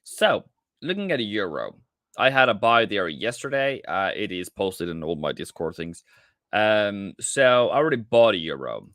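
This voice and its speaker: A man talks through a live trading stream in a casual, chatty way, greeting his viewers and calling them mate and brother. His voice sits low, but his pitch swings widely as he talks. The recording is dry and close, with no room sound. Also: fairly bright tone, dry recording. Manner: chatty, addresses viewers directly, many restarts.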